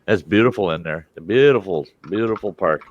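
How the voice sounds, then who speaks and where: A man's voice: sits low, lively intonation, fairly quick, highs cut off, slight background noise. An older man hosting a casual chat, rambling through stories and laughing often. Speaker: host.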